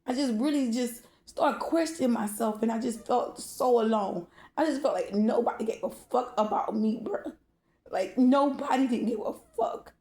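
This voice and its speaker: Candid woman with a mellow voice, echoey room. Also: a little high, lively intonation, normal speed. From Baltimore. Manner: candid, profane, speaks straight to viewers. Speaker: storyteller. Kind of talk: emotional personal storytime.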